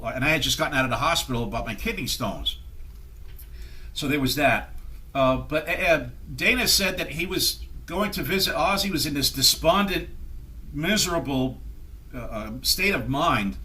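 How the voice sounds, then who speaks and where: A man in his sixties with a bright, forceful, slightly high voice rambles through old band stories. He acts out the people he quotes, jumping into their voices mid-story. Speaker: guest musician. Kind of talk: anecdotal storytelling interview.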